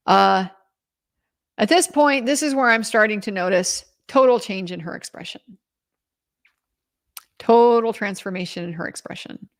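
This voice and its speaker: A woman's voice: mid-range voice, a little slow, pauses often. A woman commentator giving a casual, chatty recap of a trial, with many restarts and quoted lines.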